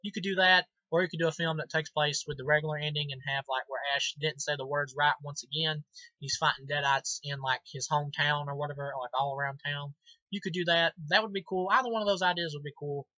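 Amateur male film reviewer, bright tense voice, chatty and rambling, dry dull lo-fi sound. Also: fairly high pitch, fairly even intonation, fast, no room sound. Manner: enthusiastic, rambling with many ums and restarts. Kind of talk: casual movie review.

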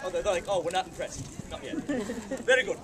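Casting: man doing high, swooping pompous Italian director, exasperated, crowd noise outdoors. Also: animated, fast talker, far from the mic. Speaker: actor. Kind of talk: outdoor fair comedy theater. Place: outdoor fair stage.

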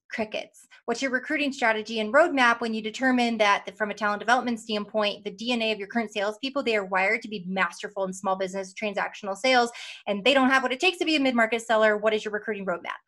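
A woman's voice: a little high, fairly bright tone. A woman speaking as a podcast guest, an emphatic executive who repeats phrases for effect and often says "like". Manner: uses "like" as a filler. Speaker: sales consultancy CEO, guest. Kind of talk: energetic business podcast talk.

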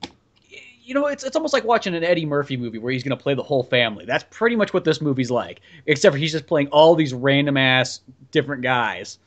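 A man's voice: medium pitch, fast. A man co-hosting a podcast, chatting casually about films in a rambling, good-humored way. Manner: lively, rambling, chuckling asides. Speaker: podcast co-host. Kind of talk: casual movie chat.

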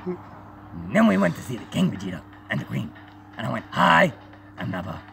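A man's voice: mid-range voice, big pitch swings, normal speed, gravelly, bright, forceful tone, slight background noise, full character voice. A man doing Nappa, a dim brutish alien brute. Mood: rambling. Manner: rambling, crude, childish teasing. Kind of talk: improvised voice over gameplay. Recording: game music playing behind.

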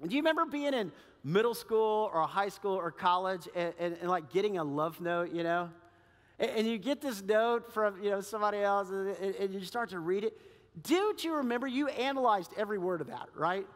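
High-voiced man preaching in a hall. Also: fairly quick. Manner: animated, acts out little quoted voices. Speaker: pastor. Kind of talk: sermon. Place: church sanctuary.

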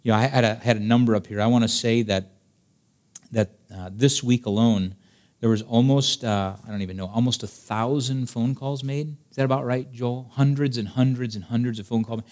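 A man's voice: mid-range voice, steady tone, normal speed, a little mellow. Emphatic preaching man in church. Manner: emphatic preaching, direct address with rhetorical questions. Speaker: pastor. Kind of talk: sermon. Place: church service before a congregation.

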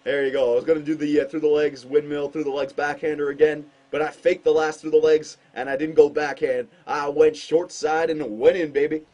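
A man doing casual gameplay commentary on a hockey shootout, excitable and self-mocking, with sudden outbursts. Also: on the high side, brisk, few pauses, muffled recording. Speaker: gaming commentator.

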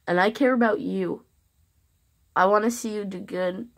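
A woman speaking a heartfelt love message to camera, earnest and halting, with long pauses. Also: mid-range voice, steady tone, vocal fry. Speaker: vlogger.

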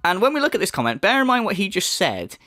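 A man hosts a commentary video, his pitch swinging widely as he mocks and scoffs. He swears freely and drifts in and out of sarcastic laughs. The sound is dry and close, with no room around him. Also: wildly swooping pitch, quick pace, bright, forceful tone, dry recording. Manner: mocking, laughing, swearing, mimics voices. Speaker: commentary channel host.

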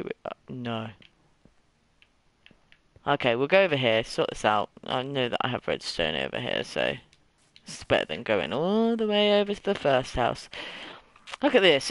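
A man's voice: on the high side, fairly bright tone, no echo, poor audio. A young British man with a slight lisp, chatting casually and rambling in a self-deprecating way while streaming a game live. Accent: British English. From Britain.

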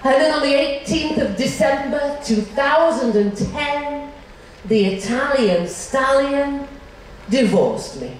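A woman's voice: sits high, animated, slow pace, far from the mic, a little hiss or hum. An older woman, a cruise ship entertainer, doing bawdy stand-up and teasing the crowd on stage. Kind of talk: stand-up comedy and singing on stage. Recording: echoey live hall, band and crowd.

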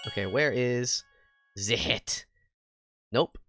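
A woman livestreaming a game, chatting with viewers in a bubbly, goofy way, jumping between squeals and quiet mutters. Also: low-pitched, sing-song, normal speed. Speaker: VTuber game streamer. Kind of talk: casual livestream chat with viewers. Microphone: headset mic. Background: faint game music.

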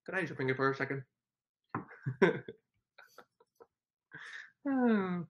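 Man, 20s, livestream host, excitable and giggly, lively pitch. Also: slow pace, dull audio. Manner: giggly, chatty and excitable, laughs often. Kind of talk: casual livestream chat, reading comments.

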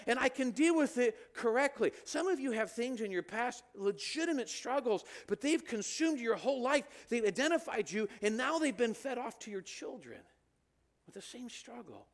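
A middle-aged man preaching a sermon in a church, animated, rising to loud emphatic peaks. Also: very high voice, brisk. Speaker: pastor. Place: church sanctuary.

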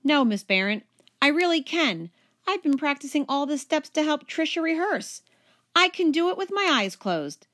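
A woman's voice: medium pitch, very animated, a little slow, bright, forceful tone. A woman voicing a mischievous, clumsy young boy in a storybook read-aloud, eager and pleading.

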